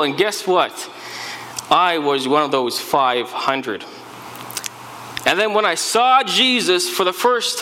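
A man's voice: high-pitched, sharp tone, big-room sound, slight background noise, full character voice, low-quality recording. A man playing an earnest male follower of Jesus who tells of the resurrection in a dramatic first-person sermon monologue. He repeats words as he gets stirred. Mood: joyful. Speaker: preacher in first-person character.

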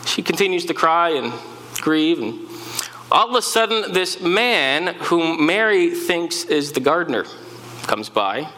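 A man's voice: on the high side, animated, unhurried, sharp tone, in a large hall, a little hiss or hum, low-quality recording. A man playing an earnest male follower of Jesus who tells of the resurrection in a dramatic first-person sermon monologue. He repeats words as he gets stirred. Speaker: preacher in first-person character.

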